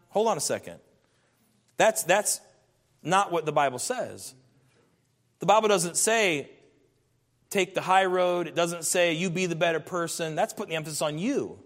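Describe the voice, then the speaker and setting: A man's voice: fairly high pitch, animated, moderate pace, long pauses, a bit bright. Earnest preaching man in a reverberant hall. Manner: earnest, emphatic preaching with rising bursts. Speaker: pastor. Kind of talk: sermon.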